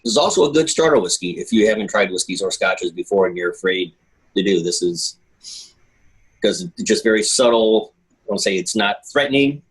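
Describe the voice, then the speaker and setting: A man's voice: lowish voice, animated, a little fast, slightly rough, low-quality recording. A man co-hosting a casual drinks podcast, joking and self-deprecating, often restarting his sentences. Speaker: podcast co-host. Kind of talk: casual chat.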